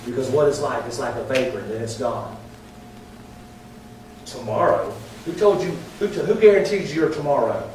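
Pastor, fervent preaching that drops to quiet prayer, big reverberant church, faint hum behind. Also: male voice, medium pitch, animated, moderate pace, pauses often. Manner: impassioned preaching, swinging from loud to hushed. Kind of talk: sermon with altar call and prayer. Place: large church sanctuary. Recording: very echoey hall, mic distant.

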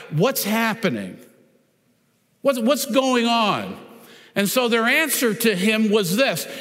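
A man's voice: high-pitched, a bit bright, in a large hall. A man preaching a sermon as pastor, retelling a scripture story with dramatic quoted cries. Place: church sanctuary.

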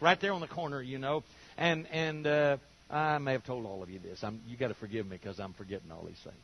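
Animated older preacher with a high voice. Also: male voice. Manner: animated storytelling, acting out quoted voices. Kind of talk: sermon. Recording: dull lo-fi recording.

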